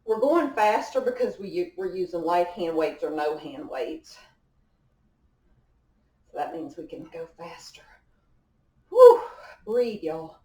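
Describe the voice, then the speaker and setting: A young fitness instructor with a lowish, expressive, somewhat mellow voice leads a home workout at a measured pace. She works out alongside the class while offering encouraging cues. The audio, from a camera mic far away in an indoor room, is echoey.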